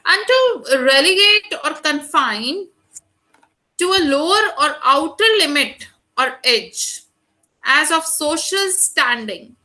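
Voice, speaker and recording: A woman's voice: high voice, lively intonation, slow pace, pushed and bright, rough recording. A woman from India with an Indian accent, giving an online lecture, addressing students directly and reading out lists of terms.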